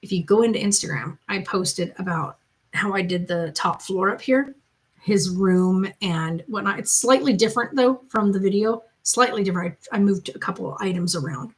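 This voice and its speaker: A woman's voice: medium pitch, moderate pace, low-quality recording. A woman hosting her channel from the loft of her home, chatting casually and rambling as she answers viewer comments. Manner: chatty, rambling, loose storytelling. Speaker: mother and channel host.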